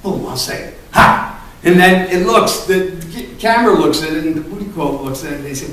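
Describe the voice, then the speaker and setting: A man coaching an improv acting class, animated and punchy, often cursing and punctuating points with "boom". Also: brisk. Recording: echoey room from far off, faint ambience.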